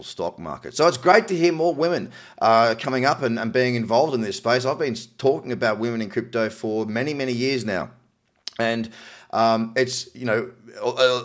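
An Australian man hosting a crypto news show, reading articles aloud with cynical, chatty asides. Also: medium pitch. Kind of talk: casual news commentary.

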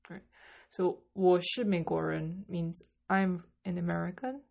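A woman teaching a Mandarin lesson, slowly modeling greetings and phrases for learners to repeat. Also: on the low side, fairly even intonation, vocal fry, darkish tone. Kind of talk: language lesson.

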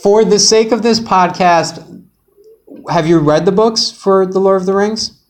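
A man's voice: high voice, a little slow. A man co-hosting a casual podcast, joking around and rambling with lots of "like". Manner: jokey, rambling with many "like"s. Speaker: podcast co-host.

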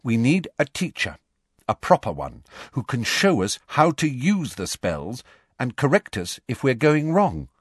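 A man's voice: medium pitch, huge pitch swings, a little slow, slightly rough, dry recording, studio quality, voice pushed up, exaggerated voice. A man voicing an earnest, insistent teenage schoolgirl in an audiobook reading. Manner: eager and insistent. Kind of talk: audiobook character voice.

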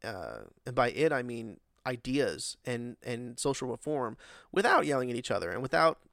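A man's voice: mid-range voice, sing-song, moderate pace, gravelly, a bit bright, no echo, clean studio sound. A man ranting in a casual monologue, profane and rambling, with lots of fillers and an exasperated tone. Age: adult, working.

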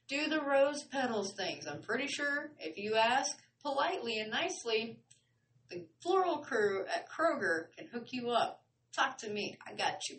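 A woman's voice: medium pitch, fairly bright tone, recorded from a distance, a little hiss or hum, poor audio. A woman hosting a podcast, chatting casually in a playful, slangy way. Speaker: podcast host. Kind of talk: casual chat.

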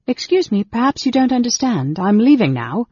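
A man voicing a high, agitated young elf prince. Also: fairly quick, mellow, husky, dry recording. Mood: indignant. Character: young male elf prince, bewildered and indignant. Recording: dull, dry lo-fi recording.

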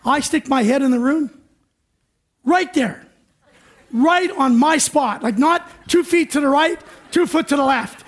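A man's voice: extremely high pitch, moderate pace, husky. A man preaching a sermon as pastor, telling a self-deprecating story in a chatty way and acting out his own panic. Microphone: recorded for radio.

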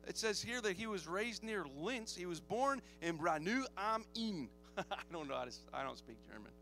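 A man's voice: sits high, fairly bright tone. A man preaching a sermon as pastor, joking often and calling for amens from the congregation.

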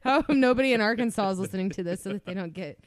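A woman's voice: medium pitch, racing. A young woman co-hosting a podcast in casual chat, laughing and snorting often as she talks. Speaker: podcast co-host.

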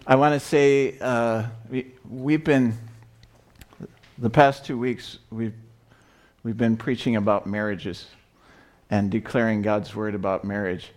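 A man's voice: medium pitch, a little mellow. A man preaching a sermon at a church service; he speaks earnestly, with frequent restarts. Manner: earnest, halting, with many restarts.

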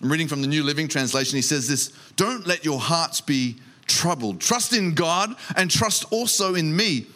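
Bright-voiced preacher, emphatic, slowing on key words. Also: male voice, fairly high pitch, animated. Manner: reads scripture aloud and acts out the disciples' lines; emphatic, slows down on key phrases. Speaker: pastor. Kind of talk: sermon.

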